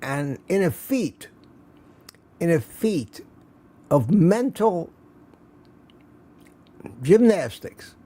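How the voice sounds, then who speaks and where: An older man chats slowly through a morning livestream, calling out viewers by name and poking fun at himself. His voice is a touch high for a man and mellow in tone, and it swings up and down a lot as he talks. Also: big pitch swings. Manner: chatty, self-mocking, greets viewers by name. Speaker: livestream host. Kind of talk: casual morning chat greeting live viewers.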